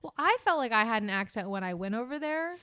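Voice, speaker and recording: A woman's voice: on the high side, animated, fast talker, pushed and bright, clear, resonant tone, no room sound, clean studio sound. A woman with a Californian accent co-hosting a casual podcast chat, rambling, swearing freely and laughing easily. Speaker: podcast co-host.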